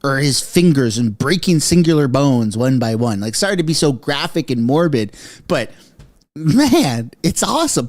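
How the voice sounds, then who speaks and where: Excitable man, swings low to high. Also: normal speed. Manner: excitable, swearing, shouting. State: wired on coffee. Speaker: political commentary streamer. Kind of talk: reacting to news clips.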